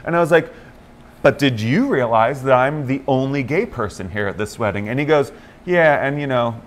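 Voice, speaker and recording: A man's voice: mid-range voice, normal speed, a little hiss or hum. A man co-hosting a morning talk show in casual chat, telling stories and acting out the lines of people he quotes. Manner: animated storyteller, acts out quotes in other voices.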